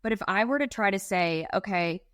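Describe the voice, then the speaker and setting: A woman's voice: mid-range voice, brisk, a bit bright, no room sound, studio quality. A woman in her thirties co-hosting a podcast, talking in a casual, rambling way with many fillers. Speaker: podcast co-host.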